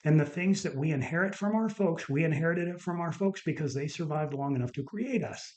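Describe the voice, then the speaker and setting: Earnest middle-aged man, fairly high voice. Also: lively intonation, brisk, a little mellow. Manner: earnest storyteller who repeats words for emphasis. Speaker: podcast host and doctor. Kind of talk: casual podcast monologue.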